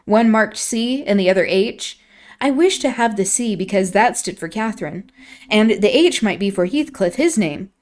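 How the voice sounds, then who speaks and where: A woman reading a classic novel aloud on a stream, breaking off for quieter, reflective asides. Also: mid-range voice, lively intonation, moderate pace.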